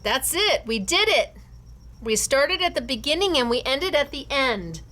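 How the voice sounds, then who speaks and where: Enthusiastic craft-class host, woman, bright tone, slow easy delivery, gushes over students' work. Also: high-pitched, big pitch swings. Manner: enthusiastic, gushing, laughs often. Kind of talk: showing and praising students' cards.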